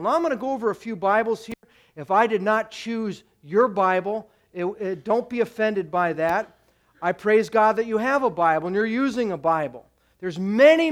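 A man preaching a sermon as pastor to his church, direct and exhorting, pressing his points with repeated commands. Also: sits high.

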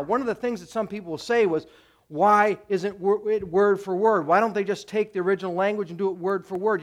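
A man preaching a sermon as pastor to his church, direct and exhorting, pressing his points with repeated commands. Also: high voice.

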